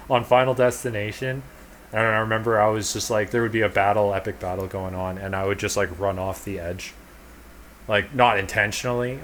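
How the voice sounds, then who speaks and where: A man with a fairly low voice tells a loose, rambling story, swearing freely and keeping a laid-back tone. Faint noise hums behind him. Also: fairly bright tone. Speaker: podcast co-host. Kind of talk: casual storytelling chat.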